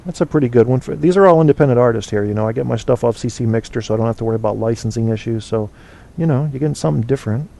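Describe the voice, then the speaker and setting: A man's voice: medium pitch, very fast, creaky, warm tone. Rambling opinionated man hosting a show. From United States. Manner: rambling, opinionated, many fillers and restarts. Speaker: podcast host. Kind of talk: casual call-in show chat.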